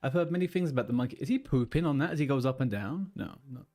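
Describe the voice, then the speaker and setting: A man's voice: medium pitch, animated, quick pace, a little mellow. A male streamer chatting casually while he plays, joking and rambling as he reads game text aloud. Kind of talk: casual gameplay chat.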